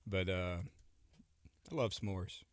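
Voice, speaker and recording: Thirties male guest, low-ish voice, loose rambling joker, dry close studio mic. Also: slow pace, no room sound. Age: 30s. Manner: rambling, jokey, trails off mid-sentence. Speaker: radio guest. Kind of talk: casual chat.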